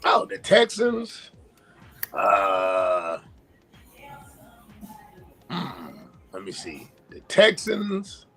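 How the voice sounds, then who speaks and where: A man's voice: lowish voice, wildly swooping pitch, bright, forceful tone, faint music behind. A man co-hosting a sports talk show, arguing his points and thinking aloud as he goes. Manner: argumentative, pauses to think aloud. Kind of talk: casual sports chat.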